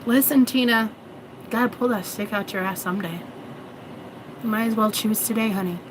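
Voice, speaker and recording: A woman's voice: medium pitch, steady tone, brisk, noisy background. A woman in her thirties, a manifestation coach, talking in a sassy, preachy way and calling viewers girl and honey. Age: 30s. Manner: swears freely. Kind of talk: casual vlog monologue.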